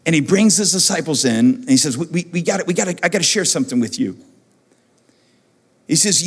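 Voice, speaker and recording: A pastor preaches to his church, his voice sitting high for a man. He tells the story animatedly, jumping up to act out eager disciples. A long reverb trails from the big room around him. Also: brisk. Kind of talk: sermon. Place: church auditorium.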